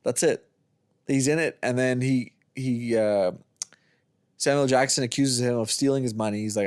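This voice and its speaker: A man's voice: mid-range voice, normal speed, a little mellow, no echo, studio quality. A man co-hosting a movie review podcast in casual chat, rambling as he retells scenes and swears freely. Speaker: podcast co-host.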